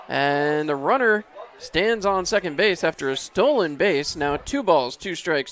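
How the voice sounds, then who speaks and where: A man's voice: on the high side, expressive, a little slow, hardly any pauses, fairly bright tone. A man calling baseball play-by-play from an outdoor ballpark booth, easygoing and chuckling, his voice rising sharply on big hits. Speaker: play-by-play announcer.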